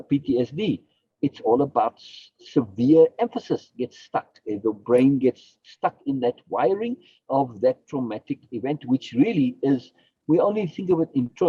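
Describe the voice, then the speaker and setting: A man's voice: mid-range voice, breathy edge, no room sound, lo-fi sound. A man, a philosophy guest on a podcast, explaining his ideas emphatically, repeating key phrases and asking and answering his own questions.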